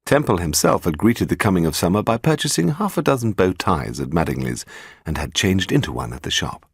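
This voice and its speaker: A man narrating a detective novel aloud in a measured, expressive manner. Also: low voice, breathy edge, no room sound, clean studio sound. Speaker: audiobook narrator. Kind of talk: scripted narration.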